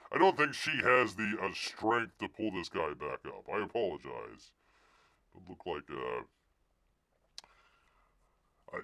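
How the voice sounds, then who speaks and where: A man's voice: sits low, creaky, bright, forceful tone, no room sound. A man hosting a live stream, chatting casually and jokingly about pictures on screen, sometimes calling himself in the third person. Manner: jokey, rambling, calls himself Bear in third person. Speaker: live-stream show host.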